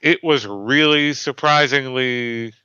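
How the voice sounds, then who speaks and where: A man's voice: medium pitch, slow, sharp tone, smooth, no echo. A man co-hosting a podcast, recapping in a rambling, hesitant way and casually swearing. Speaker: podcast co-host, new player. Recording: dull lo-fi sound, faint music.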